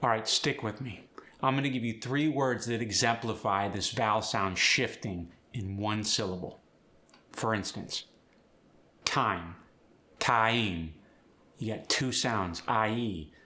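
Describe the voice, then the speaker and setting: A man's voice: lowish voice, moderate pace, sharp tone. A man hosting a pronunciation tutorial, explaining sounds casually and demonstrating words. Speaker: accent coach and host.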